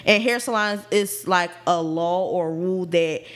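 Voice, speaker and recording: A woman in her twenties with a fairly low voice chats on a podcast. She tells her stories loosely and profanely, acting out what others said. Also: normal speed. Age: 20s. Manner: storytelling, profane, acts out quotes. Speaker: podcast co-host. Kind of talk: casual chat.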